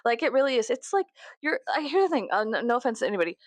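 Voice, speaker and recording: A woman in her thirties tells a storytime vlog from her bedroom, cursing freely and laughing often. Her fairly high voice leaps around with lively swings in pitch. The sound is dry and close. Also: racing, no room sound. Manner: profane, animated, laughs often, acts out quotes. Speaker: vlogger.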